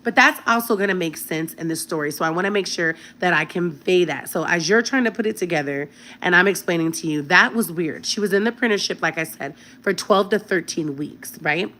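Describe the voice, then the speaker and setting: A woman's voice: lowish voice, fairly quick. A young woman telling a personal story straight to her phone camera in a casual, chatty way, often checking in with the viewer. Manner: chatty, animated, keeps checking in with "right?".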